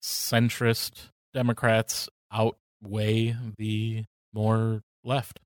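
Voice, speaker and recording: A man co-hosting a political podcast, talking in a deliberate, dry way with wry jokes. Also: fairly low pitch, monotone, no room sound. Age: older than co-host. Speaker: podcast co-host. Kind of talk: casual political chat.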